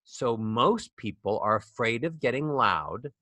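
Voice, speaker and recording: A middle-aged man coaching voices speaks a little slowly in a bright, forceful mid-range voice with big pitch swings and no echo. During this animated interview, a small ball microphone sits close as he demonstrates by changing volume and melody.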